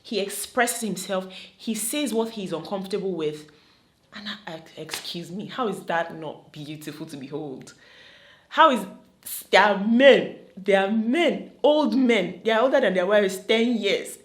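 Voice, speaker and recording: Animated Nigerian woman ranting, roomy echo. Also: mid-range voice, measured pace. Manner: animated, opinionated, mixes in Pidgin. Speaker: vlogger reacting to a reality show. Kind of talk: casual opinionated commentary.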